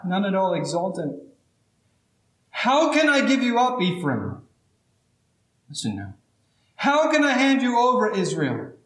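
A man preaching a sermon, earnest and emphatic, reading scripture aloud and slowing down on key words. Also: high voice, roomy sound, low-quality recording.

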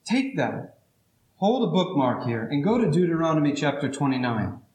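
A man preaching a sermon, earnest and emphatic, reading scripture aloud and slowing down on key words. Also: on the high side, big pitch swings, darkish tone, echoey room, rough recording.

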